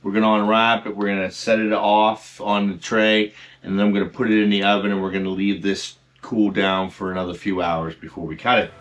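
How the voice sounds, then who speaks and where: A man hosting a home cooking video, talking through each step and admiring the food with drawn-out, excited exclamations. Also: on the low side. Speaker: cooking channel host. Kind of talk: cooking vlog narration.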